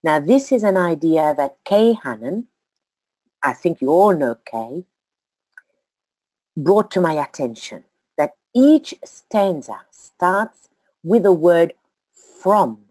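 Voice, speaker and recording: A woman giving a slow, deliberate study talk to a group, counting out syllables as she teaches. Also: fairly low pitch, very animated, dark tone, no room sound.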